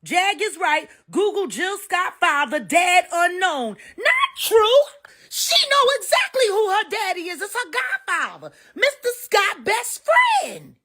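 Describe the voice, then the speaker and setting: A middle-aged woman giving a heated, profane live stream rant that swings between sharp insults and weary muttering. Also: extremely high pitch, very animated, unhurried, hardly any pauses.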